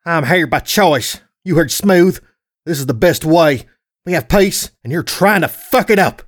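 A man reading a fan story, voicing a hardened young stallion raider who scolds harshly and forcefully. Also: on the high side, normal speed, pitched above the performer's own voice, lightly acted. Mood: angry.

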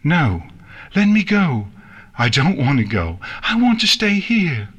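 A man reading an audiobook and voicing a small frightened filly pony with a high, wavering, tearful voice. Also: big pitch swings, unhurried, fairly bright tone, breathy edge, highs cut off, full character voice. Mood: panicked.

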